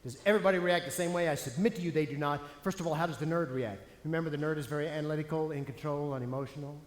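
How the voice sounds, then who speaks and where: A man giving a comedic stage seminar as a speaker, animated, punchy and playful. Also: a little high, very fast, slight background noise. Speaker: motivational speaker. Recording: echoey hall, faint ambience.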